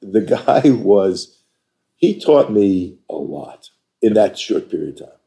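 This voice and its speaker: An older man from New York, an interview guest telling stories about his career in an animated, emphatic way. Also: fairly low pitch, slow pace. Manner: animated, emphatic storyteller who acts out quoted dialogue. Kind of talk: conversational storytelling.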